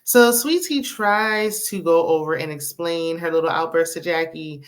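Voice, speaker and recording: A woman's voice: deep voice, normal speed. A woman recapping a reality show in a casual, sassy way, laughing often and tossing in "okay?" and "honey". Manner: laughs often while talking.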